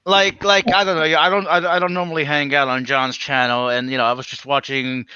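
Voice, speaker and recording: A man's voice: on the high side, level tone, bright, forceful tone, clear, resonant tone, no echo, muffled recording. A man with a nasal voice, a livestream guest chatting casually over a video call, full of fillers and restarts. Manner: halting, many restarts and fillers. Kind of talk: casual chat.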